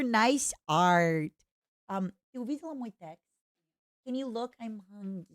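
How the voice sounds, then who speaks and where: A woman streamer chatting casually and reading fan letters, expressive and playful, swinging from excited squeals to soft murmurs, her throat a little strained. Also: mid-range voice, very slow, no room sound, clean studio sound.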